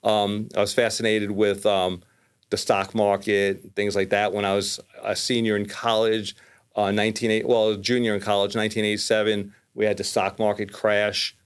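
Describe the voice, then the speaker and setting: A man's voice: little pitch movement, moderate pace, clean tone. Man, fifties, New York accent, casual interview talk, rambling, restarts often. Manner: rambling, many restarts, rises in pitch when making a point. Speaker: podcast guest, mortgage lender.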